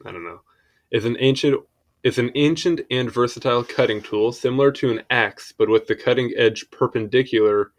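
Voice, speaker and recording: A man's voice: medium pitch, moderate pace. A young man casually reading an encyclopedia article aloud, stumbling over foreign words and adding apologetic asides.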